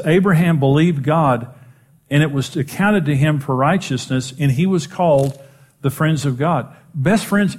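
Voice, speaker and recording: A middle-aged man pastor preaching a sermon, telling a personal story in a self-deprecating way and rising in pitch for emphasis.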